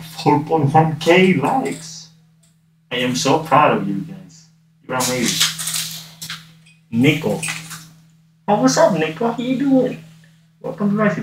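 A man in costume doing a wisecracking masked antihero who cockily teases his live viewers, his voice muffled behind a mask. He speaks slowly and unhurried, with a lively, swinging pitch. It sounds roomy and picked up from a distance, with plenty of noise behind him. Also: full character voice. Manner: cocky, teasing, talks straight to viewers. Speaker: cosplayer livestreaming. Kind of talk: in-character livestream banter. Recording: roomy, distant mic, noisy.

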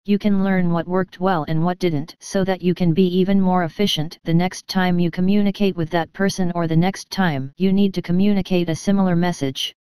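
A woman reads a training lesson in measured, scripted narration. Her voice is very smooth and clear, a little low-pitched, and recorded close with no room sound at all. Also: steady tone, mellow, no room sound. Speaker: course narrator.

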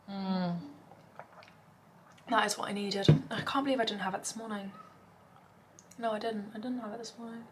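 A woman's voice: a little high, noisy background. A young woman, vlogging at home in a casual, rambling way, tired and overwhelmed. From England. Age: young adult. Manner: rambling, talks in run-on lists with many "like" fillers. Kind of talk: casual chatty vlog. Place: home, indoors.

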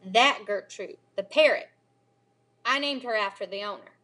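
A woman voicing a shy, mumbling male pet-store clerk who speaks hesitantly and softly. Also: high-pitched. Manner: hesitant, soft-spoken, halting.

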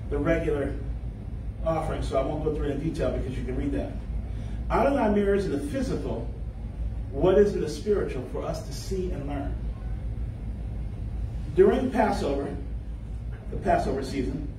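A man's voice: a little high, background noise. Man teaching scripture in an echoey hall. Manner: explanatory, stretches key words for emphasis. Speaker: congregation teacher. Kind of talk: sermon on scripture. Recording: echoey room, voice from far off.

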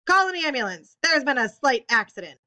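A woman voicing a flustered, bossy restaurant owner man who shouts orders in an audiobook reading. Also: high voice, sing-song, a little fast, voice pushed up, heavily acted. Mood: alarmed.

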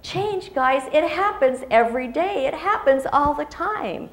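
A woman's voice: sits high, lively intonation, a little slow, reverberant. A woman in her fifties giving a motivational speech to an audience, telling a personal story expressively and acting out the dialogue. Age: 50s. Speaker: motivational speaker.

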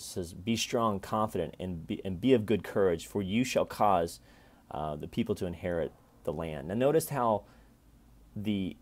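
A man in his forties giving a casual Bible reflection to camera, chatty and repetitive, with sudden loud playful callouts. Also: sits low. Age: 40s. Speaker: vlogger reading and reflecting on scripture.

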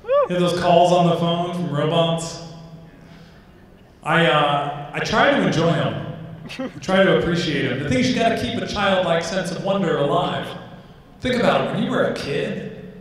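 Animated male stand-up comic in echoey hall. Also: on the high side, moderate pace, long pauses. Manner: animated storytelling, acting out voices. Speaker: stand-up comedian. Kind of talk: stand-up comedy set. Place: large hall with a live audience. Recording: echoey hall recording from far off.

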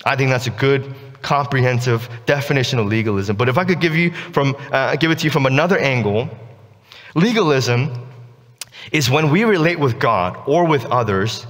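A man's voice: medium pitch, normal speed, fairly bright tone. Guy preaching a sermon, chatty and easygoing, keeps saying right?, long church echo. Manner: casual, keeps asking "right?". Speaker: pastor. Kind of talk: conversational sermon. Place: church sanctuary.

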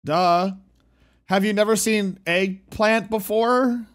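A man's voice: high voice, slow. A young man streaming a casual reaction to a TV clip, joking and talking back at the screen. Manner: excitable, jokey, talks back at the screen.

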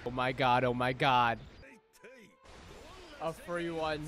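A young man reacting to an anime episode, swearing freely and shouting with excitement. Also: extremely high pitch, unhurried, soft background music. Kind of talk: live reaction commentary.

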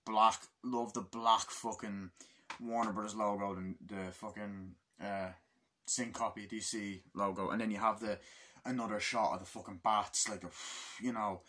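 A young man giving a casual spoken movie review, excited and swearing a lot, acting out scenes in a raised voice. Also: lowish voice, moderate pace.

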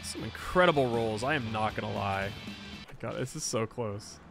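A man giving casual, excitable commentary while playing a video game, exclaiming and laughing at what happens. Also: fairly low pitch, moderate pace, vocal fry, over music.

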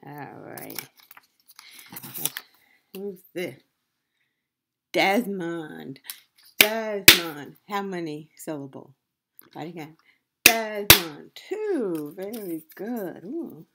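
A woman teacher speaks to young children at a very slow, deliberate pace, stretching each word into its syllables. Her voice sits a little low, and a loud steady hiss runs under the whole recording. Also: vocal fry. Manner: slow, drawn-out syllable-by-syllable repeating of names, encouraging. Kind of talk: online class lesson for young children. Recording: loud steady background noise with clicks.

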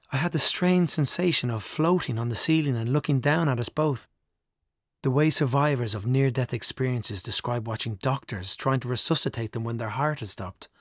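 A man narrating an audiobook in a measured, reflective first-person voice. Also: medium pitch, dry recording, studio quality. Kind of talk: scripted narration.

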